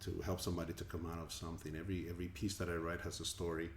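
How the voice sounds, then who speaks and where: Brief: male musician from Colombia, interview guest, very low voice, earnest and reflective, roomy recording. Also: level tone, very fast. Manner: thoughtful, earnest, repeats words as he goes. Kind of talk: interview answers. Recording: echoey room with faint ambient noise.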